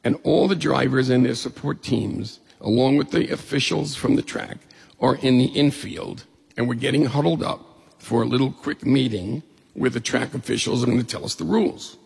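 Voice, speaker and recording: A middle-aged man from New York State telling a lively, humorous personal story, acting out the voices he quotes. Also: mid-range voice, moderate pace. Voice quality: gravelly and husky. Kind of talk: personal story told to an audience. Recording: long hall reverb.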